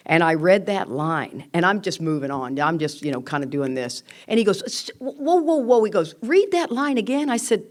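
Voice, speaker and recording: Candid woman speaking at a meeting. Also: on the low side. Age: older. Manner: candid and animated, acts out quotes.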